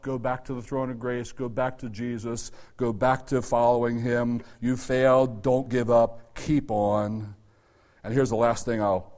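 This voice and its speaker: A middle-aged man preaching a sermon at a church service, swinging from loud, emphatic urging to low, quiet asides. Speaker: pastor.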